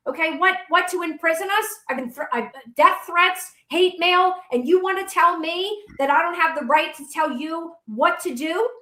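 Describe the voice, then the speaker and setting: A woman's voice: extremely high pitch, normal speed, few pauses, pushed and bright, reverberant. A woman guest in a heated interview, talking bluntly and combatively, with some profanity.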